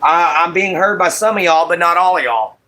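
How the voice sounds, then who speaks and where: A man with a drawl hosts a relaxed livestream and greets his viewers one by one by name. His voice sits a little high and rings bright and forward. He talks easily and apologizes often when his audio cuts out. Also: fairly quick. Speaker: livestream host. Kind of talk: casual livestream chat while crafting.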